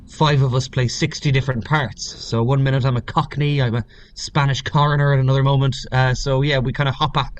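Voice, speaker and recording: An Irish man, an actor, chatting in a friendly, articulate way as a guest over a video call. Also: mid-range voice. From Ireland. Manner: friendly, articulate, occasional restarts.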